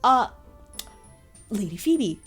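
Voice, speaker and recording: A woman's voice: fairly high pitch, sing-song, slow, husky, faint music behind, heavily acted. A woman voicing a flustered, apologetic male archivist who stammers in a tabletop game.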